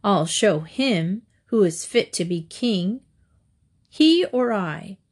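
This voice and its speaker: A woman's voice: medium pitch, animated, takes it slowly. A woman doing a boastful bullying wolf. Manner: proud, growling.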